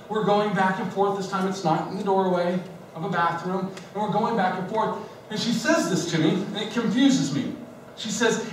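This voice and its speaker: A man with a high, light voice delivers a sermon, playing out both sides of an argument with his wife. He sounds distant from the mic, and his words ring through a very echoey hall with a noisy background. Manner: animated storytelling, acting out both sides of a marital argument. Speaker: pastor.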